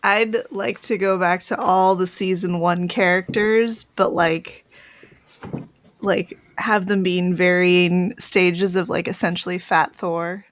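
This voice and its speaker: A woman's voice: lowish voice, fairly even intonation, takes it slowly, slight background noise. Chatty woman rambling with friends. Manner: chatty, lots of "like" fillers, laughs. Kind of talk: casual group chat.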